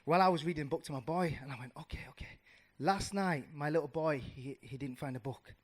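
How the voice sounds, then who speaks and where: A fairly high-voiced man in his thirties tells a story to a room, animated and slangy. He stumbles, restarts and fills gaps with "uh", then surges with energy. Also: fast. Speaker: audience member. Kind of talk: casual storytelling.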